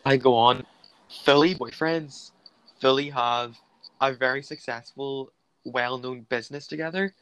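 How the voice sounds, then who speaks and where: A man's voice: medium pitch, a little slow, smooth, low-quality recording. Camp young man telling gossip. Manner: camp, animated storyteller with slangy quips. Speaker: podcast co-host. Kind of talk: casual chat.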